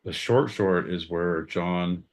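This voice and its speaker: Low-voiced man, brash podcast co-host. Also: slow. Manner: loud, profane, mocking, bursts into exaggerated voices. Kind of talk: crude comedic banter.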